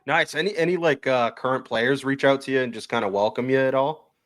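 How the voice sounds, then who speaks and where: A man's voice: medium pitch, a little fast, a bit bright. A man with a mid-range voice hosts a casual podcast interview. He asks long, loose questions padded with fillers and friendly asides. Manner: chatty, filler-heavy questions. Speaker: podcast host.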